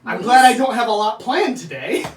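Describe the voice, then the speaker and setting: A woman game master chats with her players before a tabletop session, her somewhat high voice swinging lively up and down. She sits back from the mic in an echoing room. A crowd murmurs behind her. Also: fairly quick. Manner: animated, laughing asides. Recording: roomy, distant mic with crowd noise.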